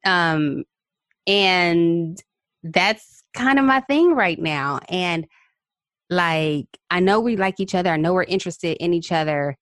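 A woman's voice: lowish voice, takes it slowly, fairly bright tone, no echo, studio quality. A woman hosting a podcast interview, chatting candidly and sharing her own story. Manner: candid, chatty, shares personal stories. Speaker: podcast host. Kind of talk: conversational interview.

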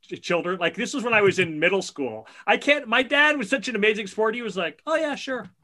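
A man's voice: high-pitched, expressive, a little fast, pushed and bright. A man co-hosting a podcast, chatting casually and telling enthusiastic stories. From New Jersey area. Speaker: podcast co-host. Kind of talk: casual chat.

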